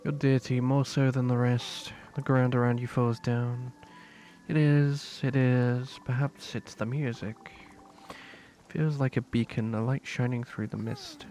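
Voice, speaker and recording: A man voicing a mysterious ancient spirit, reading game dialogue in a quiet, hesitant, halting way over game music. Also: medium pitch, steady tone, a little hiss or hum, close to an everyday voice. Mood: hushed, hesitant.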